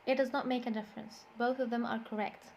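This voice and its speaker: A woman's voice: on the high side, fairly even intonation, fast talker, slight background noise. Egyptian woman teaching English, drilling stress. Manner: switches between English and Egyptian Arabic, repeats words to drill stress. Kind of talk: classroom lesson explanation.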